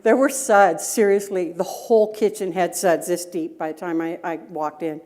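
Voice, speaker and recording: A woman's voice: fairly low pitch, fairly even intonation, normal speed, darkish tone. A middle-aged woman giving a conference breakout talk, telling stories and asking the audience rhetorical questions. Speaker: conference speaker, data governance director. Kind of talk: conference talk with personal anecdotes.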